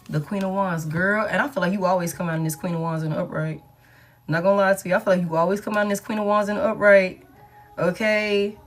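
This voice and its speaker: A woman giving a casual collective tarot reading, blunt and slangy, swearing freely and hyping the listener up. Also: medium pitch. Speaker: tarot reader.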